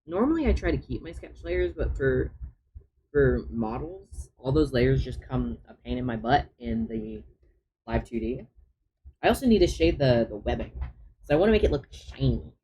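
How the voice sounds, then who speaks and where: A man's voice: a little high, very animated, normal speed, gravelly, warm tone, slight background noise, low-quality recording. A man chatting on a live stream as he draws, often muttering his steps to himself as he works. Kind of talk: casual live-stream chat while drawing.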